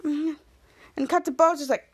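A woman's voice: high-pitched, steady tone, takes it slowly, darkish tone. A young woman casually recapping a TV episode, acting out the characters' lines with gasps and shifting voices. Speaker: podcast host recapping a TV episode.

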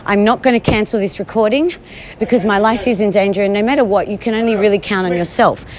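A woman's voice: mid-range voice, quick pace. A shaken, anxious woman rambling through a live stream while walking outdoors on a street, talking into a handheld phone. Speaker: livestreamer.

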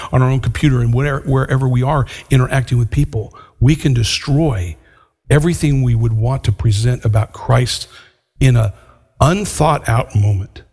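An older male pastor with a husky voice delivers an earnest sermon and draws out the words he wants to land. His voice carries a long reverb, as if it is filling a large church hall. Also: medium pitch, darkish tone. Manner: earnest, slows down to stress key words.

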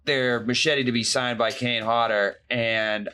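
Brief: male podcast co-host, bright tone, rambling and swearing. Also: mid-range voice, fairly even intonation, unhurried, smooth. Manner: profane, rambling, hyperbolic storytelling. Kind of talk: casual chat.

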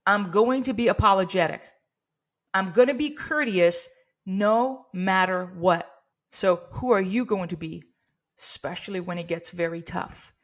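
A woman's voice: mid-range voice, a little slow. A middle-aged woman and business owner coaching her staff on handling angry customers, earnest and encouraging, now and then acting out polite service phrases. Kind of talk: workplace training talk.

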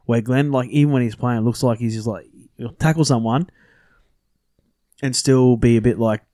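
A man's voice: medium pitch, normal speed, dark tone, no echo, clean studio sound. Swearing, rambling male podcast co-host. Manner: rambling, swears often, lots of fillers. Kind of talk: casual sports banter.

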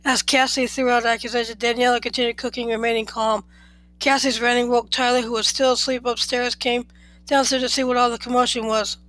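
A woman's voice: a little high, flat delivery, brisk, a bit bright, rough recording. A woman reading a story aloud in a plain way, often stumbling and restarting words.

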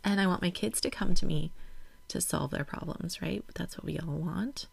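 A woman's voice: fairly low pitch, moderate pace, creaky, breathy edge, dry recording. A woman in her thirties hosting a parenting podcast, talking reflectively in a casual solo way. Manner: reflective, gets emotional and laughs it off.

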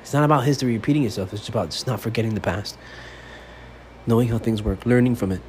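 A man's voice: mid-range voice, fast, a little mellow. Fired-up, cursing man ranting about his team. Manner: profane, fired-up sports fan rant. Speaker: podcast host. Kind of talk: fan podcast monologue. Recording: faint background noise.

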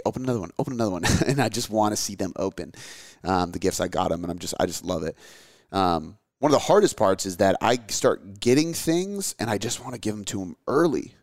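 In a dry, clean studio recording, a low-voiced man in his thirties hosts a podcast and answers listener questions. His casual chat rambles and stays candid, full of swearing and filler words.

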